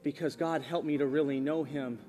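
A man delivering a sermon from the stage, his slightly high voice animated and emphatic. The sound carries a long reverb from a church auditorium, with soft instrumental music underneath. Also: a little fast. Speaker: pastor. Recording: reverberant hall with music behind.

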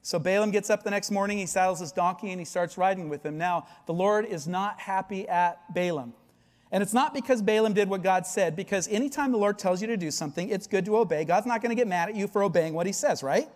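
A male pastor delivers a sermon with lively storytelling, acting out the voices of the people in the story. His voice sits high for a man. It rings out with a long reverb, as in a big church hall. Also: fast.

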